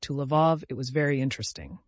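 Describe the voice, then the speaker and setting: Measured male audiobook narrator, dry sound. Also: mid-range voice, sing-song, no room sound. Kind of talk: scripted narration.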